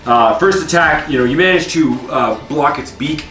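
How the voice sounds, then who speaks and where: A man narrating as game master, casual and halting, with many fillers. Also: on the high side, animated, pushed and bright. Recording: echoey room, distant mic, music behind.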